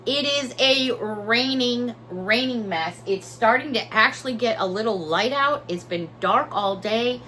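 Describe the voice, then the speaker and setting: A talkative woman showing off her shopping haul, openly emotional and excited about each find. Her voice is bright and forceful and sits a little high. Faint background noise hums under the recording. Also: unhurried, few pauses. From Hudson Valley region of New York. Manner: chatty, emotional, bubbly with product enthusiasm. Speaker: haul vlogger. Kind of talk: casual haul vlog chat.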